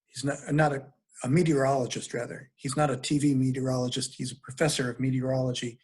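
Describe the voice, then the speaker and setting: Man in a discussion, middle pitch. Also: little pitch movement, fast, a little mellow. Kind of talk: conversational discussion.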